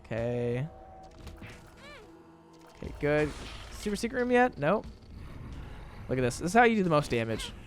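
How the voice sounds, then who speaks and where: Lively young man rambling over gameplay. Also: on the high side, moderate pace, pauses often, soft background music. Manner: chatty, rambling, animated, exaggerated indignation. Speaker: gaming video creator. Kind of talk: casual gameplay commentary.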